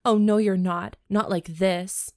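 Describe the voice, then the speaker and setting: A woman reading the lines of a sharp-tongued adult wife in a novel, with terse, dismissive retorts. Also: medium pitch, steady tone, takes it slowly, no echo, studio quality, close to an everyday voice. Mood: defiant.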